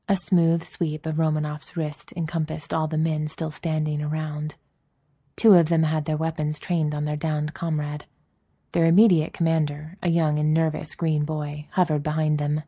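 A woman narrating a story as an audiobook reader, in a steady, even storytelling manner. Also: low-pitched, normal speed, no room sound. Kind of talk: narrating a fan fiction story.

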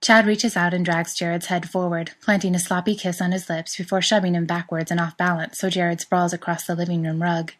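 A woman narrating a story in a plain, even reading voice. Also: fairly low pitch, a little fast, hardly any pauses.

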